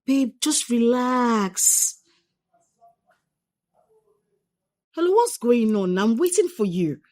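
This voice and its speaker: A woman's voice: on the high side, very animated, measured pace, darkish tone. An actress with a Nigerian accent playing a young wife who is angry at her husband for neglecting her, heated and accusing. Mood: annoyed. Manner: heated, accusing, repeating herself. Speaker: actress in a film. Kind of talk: film drama acting.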